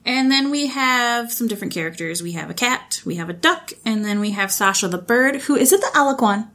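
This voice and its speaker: A woman's voice: a little high, animated, a little fast, sharp tone. A woman co-hosting a podcast in casual chat, talkative, laughing often and swearing now and then. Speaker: podcast co-host.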